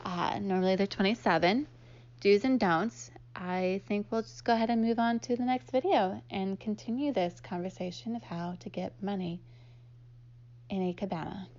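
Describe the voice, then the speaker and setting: A woman's voice: mid-range voice, steady tone, normal speed, darkish tone. A woman giving a casual instructional talk, chatty and full of "like" fillers. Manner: chatty, heavy use of "like" fillers. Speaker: online instructor. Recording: slightly dull lo-fi audio.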